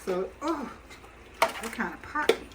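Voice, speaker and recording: A woman's voice: a little high, lively intonation, a little slow, very noisy. Chatty woman cooking in a home kitchen. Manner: chatty, folksy, laughs easily. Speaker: home cook and channel host. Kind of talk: casual cooking demonstration.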